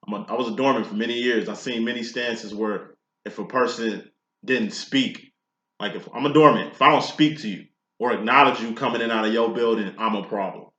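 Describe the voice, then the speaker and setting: A man's voice: mid-range voice, a little fast, pushed and bright. A man giving a casual tarot reading, talking in a blunt, profane, preachy way. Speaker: tarot reader. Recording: echoey room, dull lo-fi sound.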